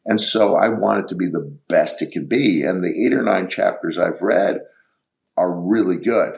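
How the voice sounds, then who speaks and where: A middle-aged man with a very low voice and a rough, gravelly edge. He talks in a loose, rambling way, pausing and restarting as he hunts for the right word. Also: a little mellow. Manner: rambling, halting, searches for words. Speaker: podcast guest. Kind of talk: casual storytelling.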